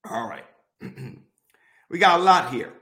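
Man leading a slow Bible study. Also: mid-range voice, expressive, sharp tone. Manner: slow, deliberate, repeating instructions. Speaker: pastor.

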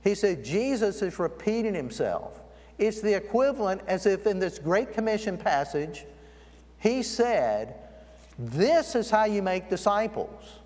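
High-voiced preacher in a reverberant hall. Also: male voice, sing-song, darkish tone. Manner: storytelling, slows down to stress key words. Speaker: guest preacher. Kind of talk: sermon. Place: church sanctuary. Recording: long church hall reverb.

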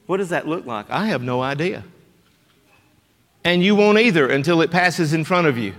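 High-voiced preacher in a reverberant church. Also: male voice, lively intonation, normal speed. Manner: emphatic, rhetorical questions to the congregation, swings from loud to hushed. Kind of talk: sermon. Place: church sanctuary.

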